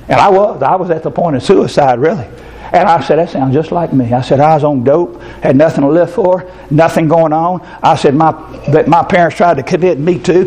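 A preacher man with a slightly high voice delivers his sermon in a folksy, storytelling way. He acts out both sides of the conversations as he tells his stories, then leads the congregation in prayer. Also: a little mellow, rough recording. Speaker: pastor.

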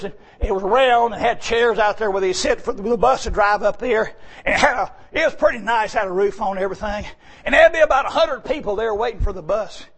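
A male preacher telling a story in a folksy sermon, swinging between hushed tones and shouts. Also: high voice, breathy edge.

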